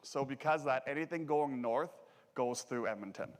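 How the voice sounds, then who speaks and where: A Canadian man giving a folksy, joking motivational safety talk with a lively delivery. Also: mid-range voice, moderate pace. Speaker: safety speaker. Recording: echoey hall.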